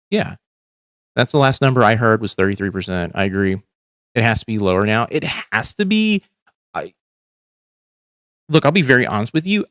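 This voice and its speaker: A man's voice: medium pitch, no room sound. Male livestream host, mid-range voice, dry close sound, swears a lot and rambles with many fillers. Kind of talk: casual political chat.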